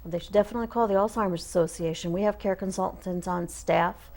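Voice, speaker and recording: A woman's voice: medium pitch, fairly even intonation, quick pace, darkish tone. A woman with a mid-range voice appears as a guest on an interview show. She speaks earnestly and emphatically, pressing home her main points. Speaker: guest, association representative. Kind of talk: casual interview.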